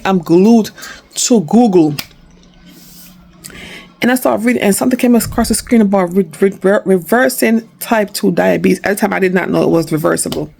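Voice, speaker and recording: A middle-aged woman with a New York accent telling a personal story in a casual vlog, chatty and animated. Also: mid-range voice. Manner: animated, chatty, acts out quoted talk. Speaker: vlogger.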